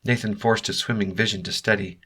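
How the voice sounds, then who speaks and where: A male audiobook narrator with a lowish voice. His tone is bright and clear. He tells the story at a steady, even pace. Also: brisk. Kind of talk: scripted narration.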